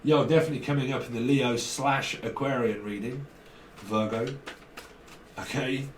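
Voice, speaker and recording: A man's voice: medium pitch, fairly even intonation, normal speed, far from the mic, slight background noise. Man reading tarot in an echoey room. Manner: acts out exchanges with slang, laughs often, swears. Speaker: tarot reader. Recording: echoey room, voice a little off-mic.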